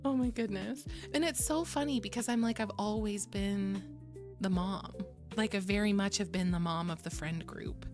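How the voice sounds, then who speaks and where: A woman's voice: medium pitch, normal speed, over music. A young adult woman streaming and chatting casually with her viewers, bubbly, laughing often and swearing casually. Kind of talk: casual chat with live chat.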